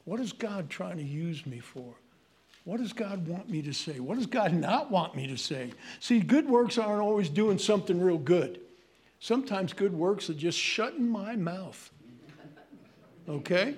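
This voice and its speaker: An older man with a New York accent, preaching a sermon in an animated, joking way that turns into rants. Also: high voice, unhurried, slightly rough. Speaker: pastor.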